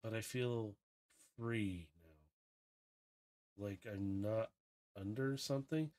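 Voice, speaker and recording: A man voicing a gentle, newly freed young female robot in a tabletop game, speaking softly and hesitantly. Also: on the low side, slow. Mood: wondering.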